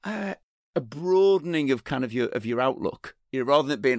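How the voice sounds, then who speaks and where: A man's voice: mid-range voice, lively intonation, fairly quick, dry recording, clean studio sound. A middle-aged man hosting a podcast, enthusiastic and chatty. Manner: enthusiastic, chatty, laughs often. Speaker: podcast host. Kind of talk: podcast interview.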